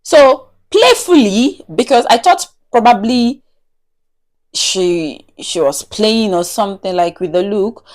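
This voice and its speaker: A woman's voice: medium pitch, expressive, slow pace, darkish tone. A woman, telling a personal story in a casual, chatty way, full of "like". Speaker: vlogger.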